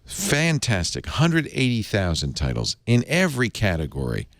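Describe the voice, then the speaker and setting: Male show host, deep and lively voice, close dry mic, loose enthusiastic ad read. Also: brisk, dry recording. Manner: enthusiastic, chatty, rambling. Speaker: podcast host. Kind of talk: live ad read on a tech talk show.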